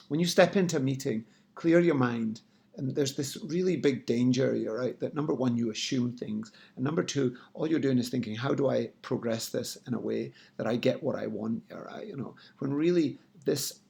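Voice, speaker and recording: Gravelly-voiced man coaching on sales. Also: medium pitch, a little mellow. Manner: coaching, direct, frequent "yeah, right?". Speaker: sales trainer. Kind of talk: instructional talk.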